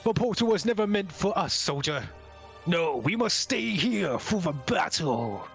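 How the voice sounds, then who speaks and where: A man putting on a gruff, old-fashioned toy army sergeant, clipped and formal, a touch higher than an everyday speaking voice. Faint music plays behind him. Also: sing-song, unhurried, a bit bright, full character voice. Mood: solemn. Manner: stiff military formality.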